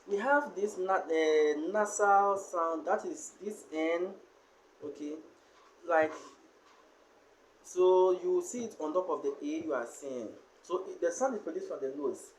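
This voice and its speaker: A language teacher who talks at a slow, unhurried pace and pauses often, filling gaps with "um" and "eh." The voice has a middle pitch. A faint background hiss runs under the lesson. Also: expressive, poor audio. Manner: explains slowly with many fillers and pauses.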